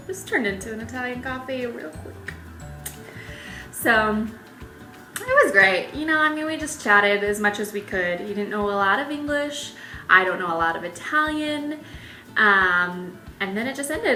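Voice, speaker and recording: A woman's voice: on the high side, bright, forceful tone. A young woman telling travel stories in a casual, chatty vlog, laughing often. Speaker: travel vlogger. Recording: echoey room with faint music.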